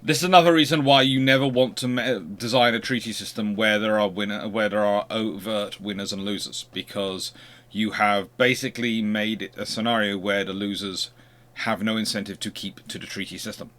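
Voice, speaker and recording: Man, history host, unscripted lecture, explanatory, rhetorical questions, lowish bright voice. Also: fairly even intonation, fairly quick.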